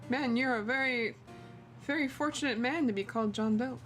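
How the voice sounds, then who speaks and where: A woman's voice: fairly high pitch, brisk, a bit bright, soft background music, close to an everyday voice. A woman voicing an earnest young male defense lawyer, asking plain, polite questions.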